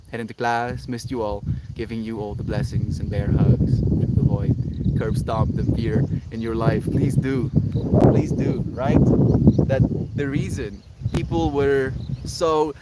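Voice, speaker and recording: A man livestreaming to his viewers in an earnest, rambling, affectionate way, talking outdoors in the countryside. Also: medium pitch. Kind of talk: casual livestream chat to viewers. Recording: loud outdoor background noise.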